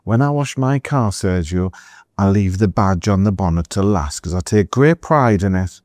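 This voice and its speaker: A man's voice: low-pitched, lively intonation, moderate pace, a little mellow, no echo, clean studio sound. A man voicing a proud young woman who talks earnestly about caring for her car.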